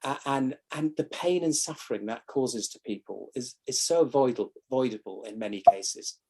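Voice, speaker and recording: A man's voice: mid-range voice, normal speed, darkish tone, slightly rough. A man, a family doctor, giving an enthusiastic illustrated talk to an online audience, telling stories about his team and patients. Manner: enthusiastic storytelling, quotes others directly. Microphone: online talk recording.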